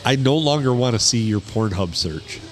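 Man, podcast co-host, easygoing storyteller, dry teasing, mid-range pitch. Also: expressive, moderate pace. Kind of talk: casual storytelling chat.

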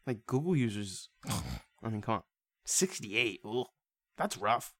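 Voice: medium pitch, sing-song, takes it slowly, no room sound. Podcast cohost rambling n making crude jokes, laughs a lot, dry close mic. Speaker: podcast co-host. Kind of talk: casual podcast chat.

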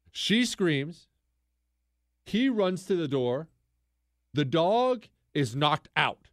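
A man hosting a radio talk show, telling a story in an animated, joking way and teasing his co-host. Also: on the high side, dry recording, studio quality.

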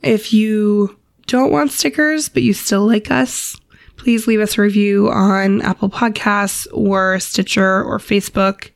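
A woman co-hosting a podcast, her congested voice ragged, nasal and full of gravelly fry. She chats loosely and rambles as she signs off. The recording is close and dry. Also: mid-range voice, fairly even intonation, unhurried, no room sound. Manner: chatty, rambling, breaks into laughs. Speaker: podcast co-host. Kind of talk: casual podcast sign-off chat.

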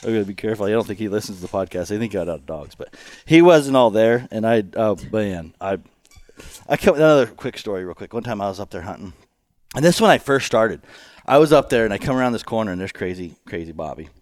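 A man's voice: lowish voice, expressive, quick pace, no room sound. A man hosting a podcast in casual chat, rambling and laughing as he tells stories. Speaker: podcast host.

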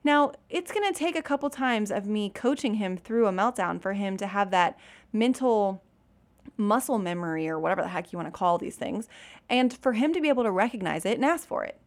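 A woman's voice: medium pitch, animated, brisk. A woman in her thirties who is a mother, giving casual, chatty parenting advice straight to her viewers, often laughing and saying "you guys".

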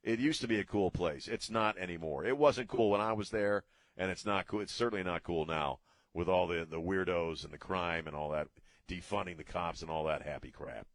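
A man's voice: deep voice, brisk, dry recording. A middle-aged man hosting a radio talk show, ranting bluntly in a casual way and cursing freely.

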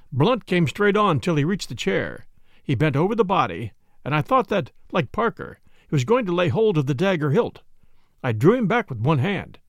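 A man narrating a first-person mystery as an audiobook, in a measured, expressive storytelling manner. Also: a little high, gravelly, no room sound, studio quality.

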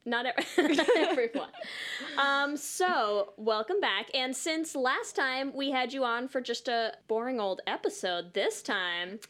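A woman's voice: high-pitched, expressive, measured pace, a bit bright. A woman hosting a podcast, chatting casually and joking with her guests. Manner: playful, laughing, joking. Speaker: podcast host.

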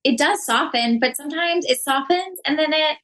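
A woman's voice: high-pitched, moderate pace, fairly bright tone, poor audio. A woman speaking earnestly and reflectively in a casual podcast conversation, with many fillers. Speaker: podcast guest.

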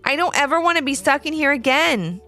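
A woman's voice: sits high, animated, a little fast, soft background music, pitched above the performer's own voice. Woman doing a panicky young boy. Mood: resolved. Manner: yelling desperately for help.

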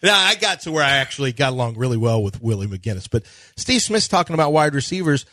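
Male sports talk radio host, chatty and animated, dry close studio mic. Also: mid-range voice, fast, dry recording. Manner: animated storytelling, quotes others in conversation. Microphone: studio microphone.

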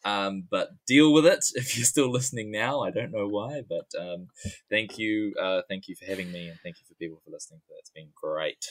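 A man's voice: fairly low pitch, normal speed. A man with a New Zealand accent, a podcast guest chatting casually, joking and rambling with many ums.

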